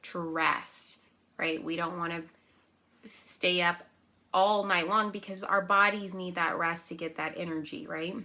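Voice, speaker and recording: A young woman teaching a remote circle-time lesson to small children, gentle and encouraging, often checking in with "right?" and slowly counting and clapping out syllables. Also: lowish voice, fairly even intonation. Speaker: preschool teacher.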